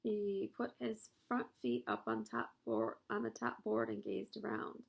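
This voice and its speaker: A woman's voice: mid-range voice, steady tone, a little slow, creaky, slightly rough. A woman reading a children's novel aloud. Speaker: reader.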